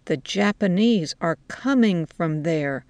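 A woman reading a story voices a group of harsh male soldiers who shout bluntly at an old villager. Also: lowish voice, expressive, slow, no echo. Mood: grim.

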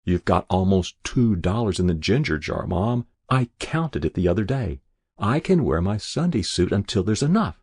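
A man's voice: low-pitched, sing-song, normal speed, a little mellow, husky, no echo, clean studio sound, full character voice. A man voicing a proud, defiant young boy from a poor family who speaks stubbornly. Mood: solemn.

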